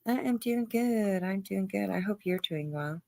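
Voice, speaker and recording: A woman's voice: medium pitch, expressive, moderate pace, creaky, darkish tone, no room sound. A woman hosting a live stream, reacting to a clip with sarcastic, mocking commentary and greeting her viewers.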